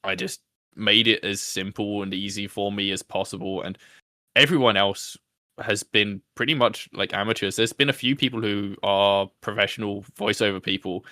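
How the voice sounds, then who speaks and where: Bright-voiced man, chatty podcast host. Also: fairly low pitch, normal speed, no echo, studio quality. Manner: chatty, self-deprecating, laughs often. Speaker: podcast host being interviewed. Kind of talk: casual chat.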